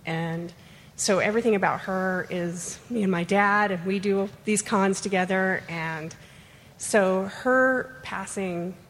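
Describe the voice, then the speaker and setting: A woman tells a heartfelt story, pausing and restarting as she goes. Her voice rings with a long hall reverb over faint background noise. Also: medium pitch. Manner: heartfelt, halting. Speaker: audience member at a fan panel. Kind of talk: emotional personal story. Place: convention panel room.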